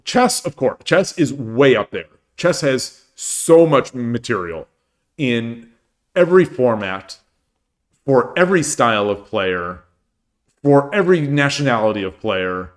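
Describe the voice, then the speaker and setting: This is an expressive, unhurried, medium-pitched voice of a worn-out man in his forties chatting with viewers as he streams games. He meanders, restarts sentences a lot, and cracks jokes about himself.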